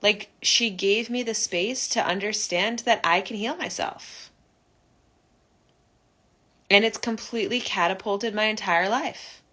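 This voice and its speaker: A young woman telling her own recovery story in an earnest, heartfelt monologue, often halting and restarting. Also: mid-range voice, bright, forceful tone. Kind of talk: personal reflective monologue.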